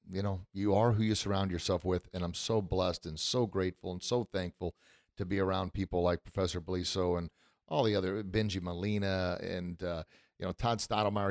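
A male podcast host with a fairly low voice talks in an effusive, grateful way, choked up with emotion. The sound is dry and close. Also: no echo. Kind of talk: casual podcast chat.

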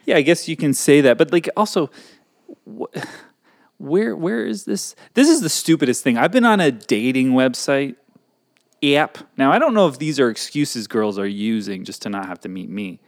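A young man co-hosting a podcast in casual chat, joking and playful, sometimes dropping to quiet asides. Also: mid-range voice, expressive, moderate pace. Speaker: podcast co-host.

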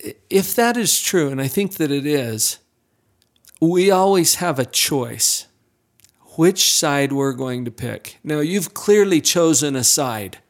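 Male host, reflective, deliberate, slightly high voice. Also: lively intonation. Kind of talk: interview conversation.

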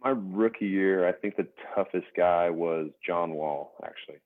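A young adult man, a former pro basketball player, telling stories as a guest in a relaxed casual podcast interview, over a tinny phone-like line. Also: sits low, moderate pace, dry recording. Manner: relaxed storytelling with fillers.

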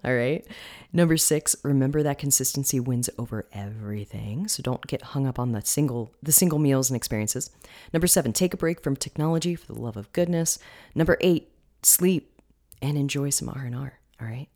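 A woman's voice: a bass voice, lively intonation, a little fast, warm tone. A woman hosting a wellness podcast in a casual solo talk, with a groggy morning voice, chatty and often checking in with the listener.

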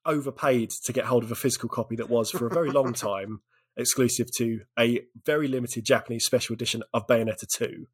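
A man's voice: mid-range voice, fairly even intonation, quick pace, few pauses, husky. A man co-hosting a casual video game podcast, enthusiastic and self-deprecating, laughing often. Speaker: podcast co-host. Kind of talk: casual chat about video games.

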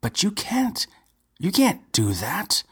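A young goatherd, scared but stubborn, in a raised, tight voice as a male narrator takes him on. The tone is breathy and husky, pitched well above the reader's own. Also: big pitch swings, a little slow, heavily acted. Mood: defiant. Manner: pleading, then firm.

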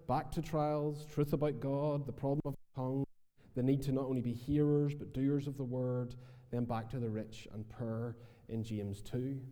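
A Northern Irish man gives a sermon in an easygoing, conversational way, often filling pauses with "uh". His voice is very dark and mellow. A long church-hall reverb trails after each phrase. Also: mid-range voice. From Northern Ireland. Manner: conversational preaching with frequent "uh" fillers. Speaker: minister.

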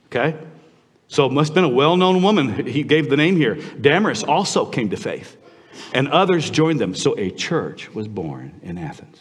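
A male pastor delivering a sermon with an animated, conversational delivery, dropping now and then into hushed, earnest tones. His mid-pitched voice rings out with a long hall reverb around it. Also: moderate pace, husky. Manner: animated, conversational preaching with sudden drops to quiet, intimate tones.

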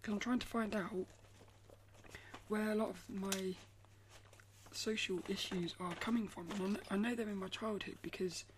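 A woman artist talking casually to camera, soft-spoken and often dropping into a breathy half-whisper, rambling and restarting her phrases. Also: mid-range voice, fairly even intonation, normal speed, noisy background. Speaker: artist vlogger.

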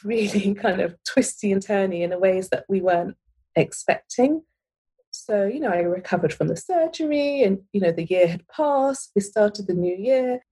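A woman in her thirties with a husky, slightly breathy voice and a middle pitch. She tells a personal story to an interviewer in a candid, unpolished way, full of fillers and restarts. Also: warm tone, rough recording. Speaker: interview guest.

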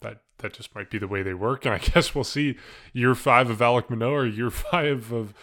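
A man's voice: mid-range voice, normal speed, fairly bright tone. A man hosting a casual sports podcast, chatty and laughing often as he runs through the news. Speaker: podcast host.

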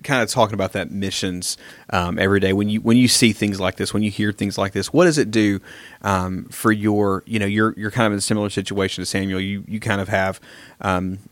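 A man's voice: on the low side, fairly even intonation, fairly quick, no room sound. A man hosting a casual podcast, asking long, winding questions. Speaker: podcast host.

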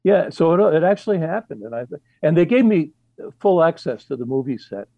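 A man's voice: on the high side, expressive, fairly quick, gravelly, dry recording, highs cut off. A man, an author as guest, talking in a rambling, hesitant way with many fillers and restarts, over a remote connection. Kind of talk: casual interview.

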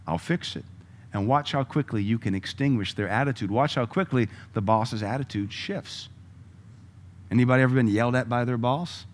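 A man preaching a sermon, moving between loud emphatic lines and quiet asides and chuckling with the congregation. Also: medium pitch. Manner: laughs often, conversational asides to the congregation.

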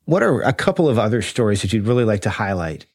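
A man hosting a casual interview, who asks his questions haltingly and restarts his words. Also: on the low side, big pitch swings, breathy edge, dry recording, clean studio sound. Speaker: podcast host.

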